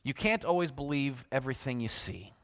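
A man preaching a sermon, telling stories and swinging between loud emphasis and hushed lines. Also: medium pitch, expressive, brisk, big-room sound.

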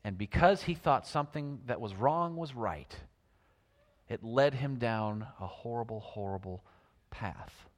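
A man preaching a sermon, telling stories and swinging between loud emphasis and hushed lines. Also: mid-range voice, lively intonation, unhurried, big-room sound.

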